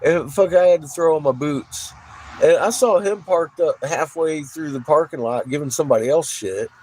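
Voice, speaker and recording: A man's voice: fairly high pitch, moderate pace, a little hiss or hum, low-quality recording. Profane, laughing man telling a story. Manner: profane, laughs often, animated retelling. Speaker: vlogger. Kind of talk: casual storytelling.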